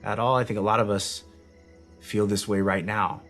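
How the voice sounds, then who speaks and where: A man's voice: fairly low pitch, level tone, normal speed, a bit bright, soft background music. A man, a pastor, giving an earnest and conversational devotional sermon outdoors in his backyard at nightfall. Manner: reflective, conversational, earnest, with frequent restarts.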